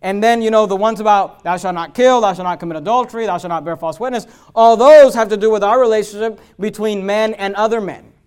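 A man, a pastor, preaching a sermon in a fervent way, mixing chatty asides full of restarts with loud, emphatic passages that build up. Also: high-pitched, fast talker, few pauses, smooth. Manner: conversational asides with fillers and restarts.

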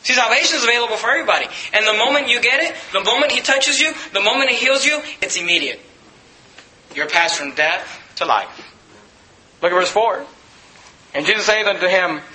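A male pastor preaching a sermon, emphatic and full of rhetorical questions, rising to shouts at the peaks. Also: sits high, expressive, fairly quick, long pauses, a little hiss or hum. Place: church sanctuary. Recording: echoey church room.

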